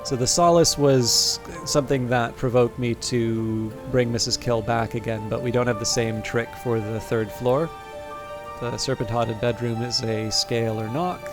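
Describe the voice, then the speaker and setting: A man's voice: mid-range voice, fairly even intonation, moderate pace, music in the background. A man commentating a game late at night, thinking aloud with hesitant restarts and reading game text, a little tired. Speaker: gameplay commentator.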